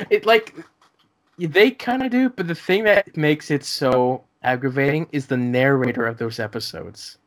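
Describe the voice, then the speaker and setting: A man's voice: mid-range voice, unhurried. A young man co-hosting a casual podcast, laughing often and stumbling over restarts. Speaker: podcast co-host. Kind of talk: casual chat.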